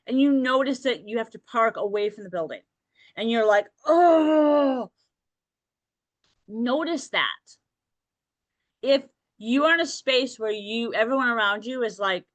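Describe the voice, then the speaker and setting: A woman's voice: a little high, pushed and bright, no room sound. A woman hosting a podcast, talking directly and encouragingly to listeners and often checking in with "okay?". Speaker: podcast host. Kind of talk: motivational podcast talk.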